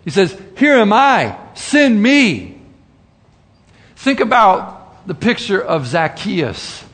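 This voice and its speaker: Earnest male preacher, slightly high voice. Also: fairly bright tone. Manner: earnest, rhetorical questions, shifts to slow emphatic phrasing. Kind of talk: sermon.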